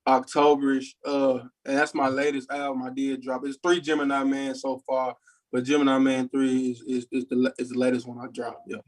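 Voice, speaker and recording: A young man speaks as a guest musician in a casual live interview. His delivery is flat and even, laid-back, and full of short yeahs. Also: mid-range voice, a little fast, poor audio. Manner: laid-back, answers briefly with many yeahs. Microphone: call from a phone or computer.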